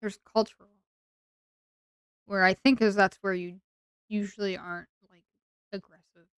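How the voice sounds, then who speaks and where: A woman chatting on a live stream, rambling, joking and mocking herself, with sudden loud whiny bursts, on a close desk microphone. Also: medium pitch, fairly even intonation, moderate pace, clean tone, no room sound. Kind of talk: casual live-stream chat.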